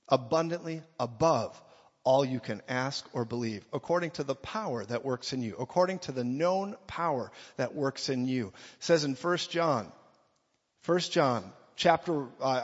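A man preaching a sermon with emphasis, acting out quotes in mock voices. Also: mid-range voice. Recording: long reverb, dull lo-fi sound.

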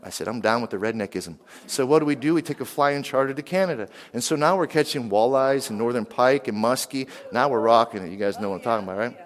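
A man from western Pennsylvania preaching a sermon, lively, and he keeps asking the crowd questions. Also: medium pitch, fast talker, hardly any pauses. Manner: animated, asks the crowd questions. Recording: long hall reverb.

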